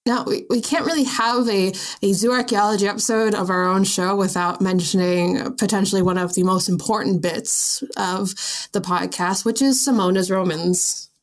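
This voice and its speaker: A young adult woman co-hosts a podcast, chatting casually in a playful, self-mocking way and laughing often. Her medium-pitched voice has fairly even intonation and a moderate pace.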